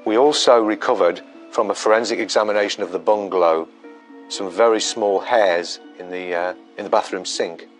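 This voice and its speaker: A man, a police detective recounting an investigation in a documentary interview, measured and full of ums and restarts. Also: lowish voice, soft background music, low-quality recording.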